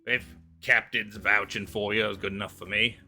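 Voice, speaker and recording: A man voicing a gruff pirate captain and a squinting tavern goblin in a tabletop game. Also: on the low side, fairly even intonation, moderate pace, pushed and bright, faint music behind.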